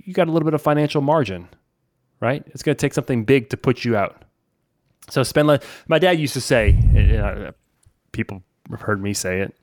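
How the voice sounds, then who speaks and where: A man's voice: mid-range voice, no room sound, studio quality. A man in his forties, a podcast host from New Orleans, giving casual money advice in a chatty way, often saying "man" and "right?". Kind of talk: casual financial advice talk.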